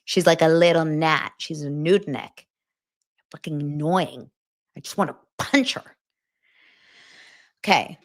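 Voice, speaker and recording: A woman's voice: deep voice, unhurried, pauses often. Blunt, profane woman recapping gossip. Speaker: pop culture podcast host.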